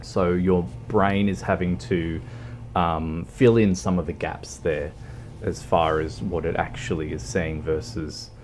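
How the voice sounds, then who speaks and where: A man chatting casually with his livestream viewers while playing a game, talking in a rambling, halting way. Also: sits low, steady tone, a little mellow, a little hiss or hum. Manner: rambling, halting, talks to chat.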